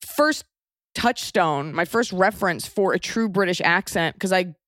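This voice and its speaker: A woman's voice: on the low side, animated, unhurried, a bit bright, dry recording, clean studio sound. A woman with an American accent co-hosting a casual podcast, chatty and playful, laughing often and slipping into accent bits. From United States. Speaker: podcast co-host.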